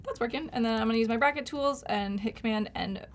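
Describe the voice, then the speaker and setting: Upbeat woman walking thru her design live, slightly high voice, laughs a lot. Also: fast, a little hiss or hum. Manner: chatty, narrates steps, laughs often. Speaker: livestream host and designer. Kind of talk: casual live design demo.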